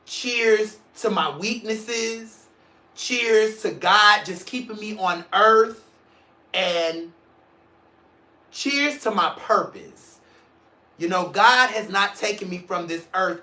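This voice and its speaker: Sassy man in his forties, bright voice. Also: high voice, echoey room. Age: 40s. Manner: sassy, playful and outspoken. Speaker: podcast host. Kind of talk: casual video podcast monologue.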